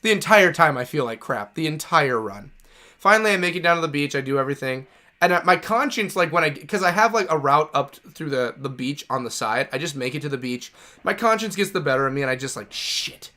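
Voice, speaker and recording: Gaming streamer, man, slightly high and bright voice, rambling casual storyteller who swears a lot. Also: lively intonation, quick pace. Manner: rambling, self-correcting, swears freely. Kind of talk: casual storytelling while playing.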